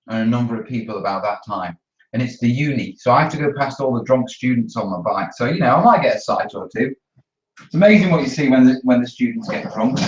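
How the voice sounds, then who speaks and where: A medium-pitched man, host of a terrain-building channel, chats from across his hobby workshop studio during a live stream. Easygoing and chatty, he talks to viewers while working, and the sound is roomy, distant, and dull.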